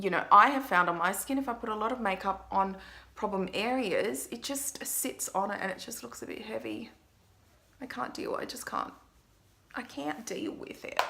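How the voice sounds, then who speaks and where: A woman's voice: mid-range voice, gravelly, bright, forceful tone. A young woman, a makeup artist, chatting to viewers through a makeup tutorial vlog in a self-mocking way.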